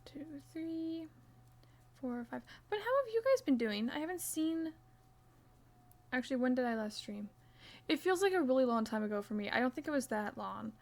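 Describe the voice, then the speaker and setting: Young woman, live streamer, casual chat, playful, talkative, slightly high voice, counts stitches softly. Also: sing-song, a little fast. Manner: chatty, playful, reads chat aloud; counts stitches under her breath.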